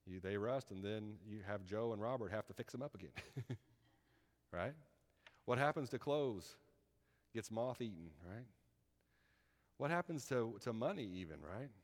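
A man's voice: on the low side, animated, moderate pace, long pauses, big-room sound. A man preaching a sermon in a folksy, conversational way, often asking his listeners "right?".

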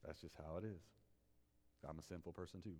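A man pastor delivering a sermon, moving between quiet confiding talk and loud, rising preaching. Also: low-pitched, fairly even intonation, brisk. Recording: reverberant hall.

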